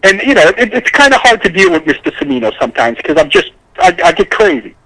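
A man's voice: sits high, sing-song, quick pace, sharp tone, no echo, low-quality recording. A man chatting casually on a podcast, rambling and repeating himself as he gets emotional. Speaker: podcast co-host, agent. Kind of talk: casual chat.

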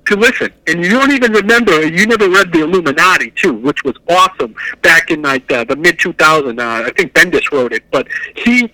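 A man co-hosting a casual podcast, telling comic book stories in an excitable, animated way. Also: on the high side, fairly quick, few pauses, no echo, rough recording. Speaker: podcast co-host.

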